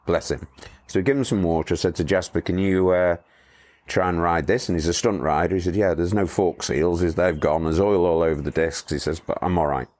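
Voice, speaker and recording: A man's voice: low-pitched, fairly even intonation, a little fast, darkish tone. A middle-aged man, a motorcycle tour company owner, telling rambling anecdotes in a casual interview, chuckling as he goes.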